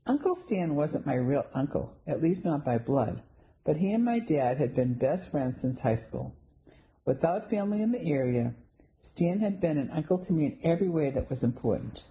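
A woman reads a first-person story aloud in a steady, scripted manner. Her voice is low and mellow, with a calm storytelling pace. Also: normal speed, low-quality recording. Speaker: audiobook narrator.

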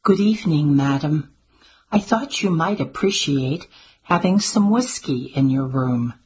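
A woman voicing a prim, formally polite female house servant with a squeaky voice in an audiobook. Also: lively intonation, measured pace, darkish tone, breathy edge, exaggerated voice. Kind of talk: audiobook character voice.

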